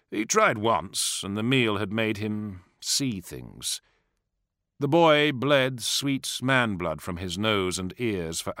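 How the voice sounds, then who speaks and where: A man narrating an audiobook in a measured, dramatic way, with hushed asides. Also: lowish voice, dry recording, studio quality.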